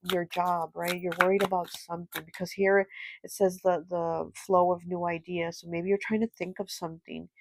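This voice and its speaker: A woman with a low, gravelly voice gives a casual tarot reading straight into a close, dry mic. She rambles and circles back on her points, padding her talk with "like" and "you know". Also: darkish tone, no echo. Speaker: tarot reader.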